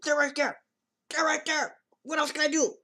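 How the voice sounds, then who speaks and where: A man voicing a flustered young man caught staring, in a high, panicked squeak. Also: flat delivery, moderate pace, sharp tone, exaggerated voice.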